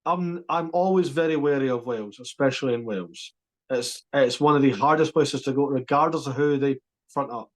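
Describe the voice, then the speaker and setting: A man co-hosting a podcast, chatting about sport in an animated, emphatic way with quick restarts. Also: medium pitch. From Scotland. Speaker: podcast co-host. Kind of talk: casual sports chat.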